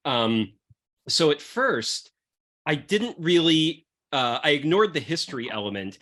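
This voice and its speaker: A man's voice: on the high side, sing-song, measured pace, fairly bright tone. A man hosting a podcast, chatting loosely and profanely about wine. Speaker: podcast host pairing wines with comics. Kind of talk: casual chat.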